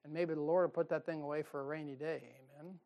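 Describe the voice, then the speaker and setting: A male pastor preaches in a church. His delivery is folksy and emphatic. It swings from quiet, confiding asides to loud, heated bursts. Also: fairly high pitch, steady tone, fast talker, highs cut off. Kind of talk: fiery sermon. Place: church sanctuary.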